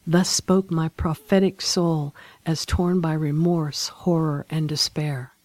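A woman narrating a classic novel aloud in a solemn, measured, dramatic manner. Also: deep voice, fairly even intonation, darkish tone, no echo. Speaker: audiobook narrator.

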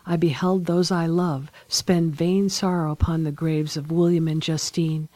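Audiobook narrator, woman, solemn and dramatic, dark warm tone. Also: low-pitched, steady tone, measured pace, few pauses, no room sound. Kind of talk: scripted narration of a classic novel.

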